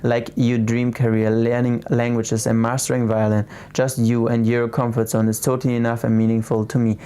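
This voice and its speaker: A young man with a German accent hosting a casual late-night livestream, reading viewer comments aloud and answering in a soft, hesitant way with many restarts. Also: medium pitch, level tone, moderate pace, smooth. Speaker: livestream host.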